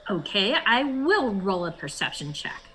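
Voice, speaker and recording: A woman playing a tabletop game, asking halting questions. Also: mid-range voice, big pitch swings, pushed and bright, slight background noise, rough recording. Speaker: player. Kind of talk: casual tabletop game chat.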